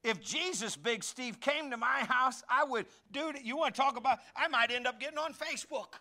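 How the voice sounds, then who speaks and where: High, bright-voiced joking preacher man. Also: normal speed. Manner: animated, joking, talks to the congregation. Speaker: pastor. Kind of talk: sermon.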